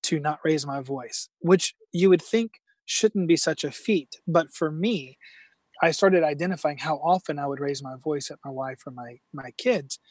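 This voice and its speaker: A middle-aged man telling a personal story as a guest in an interview, earnest and halting, with many restarts. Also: on the high side, no echo.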